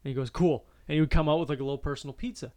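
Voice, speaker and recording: A man in his twenties who laughs easily and throws in quick remarks as he tells his own story. His voice sits slightly high, and the recording is close and dry. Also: steady tone, dark tone, no echo. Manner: laughs often, quick reactive interjections. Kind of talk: casual storytelling chat.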